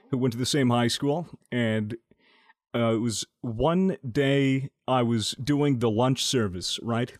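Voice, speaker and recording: A man on a podcast, telling a story with lively energy and plenty of swearing. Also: mid-range voice, no echo, studio quality. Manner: animated storytelling, swears a lot. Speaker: podcast host. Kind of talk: casual podcast chat.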